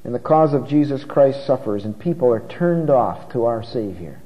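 A man preaching an expository sermon, who slows down and stresses key words, recorded muffled in a large church hall. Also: medium pitch, expressive.

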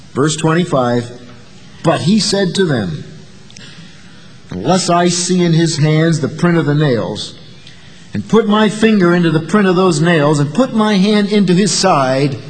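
A man's voice: on the high side, in a large hall. A man preaching a sermon in a dramatic way, acting out the voices of the people in his story. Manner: dramatic, acts out voices of the disciples and doubters.

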